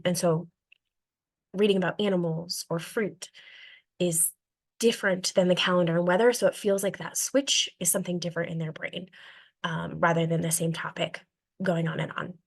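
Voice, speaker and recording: A young woman teacher talks through her classroom methods in a casual, rambling way. Her voice sits a little low, and she keeps stopping on "um" and "like." When she quotes her students, she acts the exchange out and her voice goes brighter. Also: steady tone, normal speed, creaky. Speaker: elementary world language teacher.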